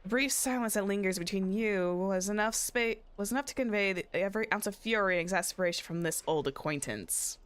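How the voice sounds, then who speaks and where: Smooth-voiced giggly woman streaming a game. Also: mid-range voice, a little fast, few pauses, dry recording. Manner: giggly and playful. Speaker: VTuber streamer. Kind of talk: casual game-stream chat, reading dialogue aloud.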